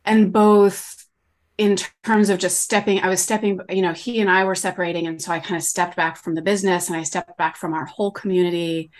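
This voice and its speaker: A middle-aged woman, a coach talking as a podcast guest in an animated, rambling way, full of "like" and "you know". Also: lowish voice, brisk. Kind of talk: conversational interview.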